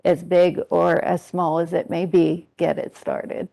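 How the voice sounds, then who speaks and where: A woman testifying at a public hearing, speaking thoughtfully and hesitantly with many pauses. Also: on the low side, level tone, vocal fry, dark tone. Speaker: hearing witness, independent living center worker.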